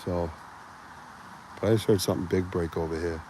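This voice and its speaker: A man with a Boston accent mutters in a hushed, low voice while walking through the woods on a casual field vlog. He speaks loosely, with plenty of fillers. Faint outdoor noise sits behind him. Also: fairly even intonation, a little fast, poor audio. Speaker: vlog host, Bigfoot researcher.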